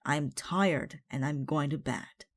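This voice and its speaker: A woman voicing a proud, grumpy pirate captain who blusters loudly. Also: low voice, takes it slowly, heavily acted. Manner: blustering, raising the voice.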